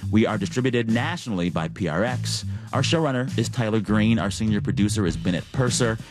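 A man hosting a podcast, reading the show's closing credits in a steady way. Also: lowish voice, a little fast. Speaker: podcast host. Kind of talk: scripted show outro. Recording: theme music under voice.

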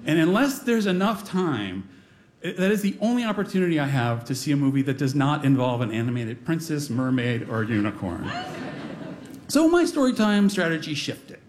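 A man's voice: on the high side, sing-song, normal speed, a little hiss or hum. Wry man telling a live story. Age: middle-aged. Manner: wry, self-deprecating, comic timing. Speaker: storyteller on stage. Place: stage before a live audience.

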